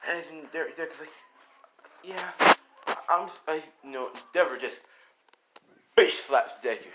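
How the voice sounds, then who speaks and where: A man's voice: a little high, a little fast. A young man casually narrating an improvised fan story, rambling, swearing and full of fillers. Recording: noisy home recording.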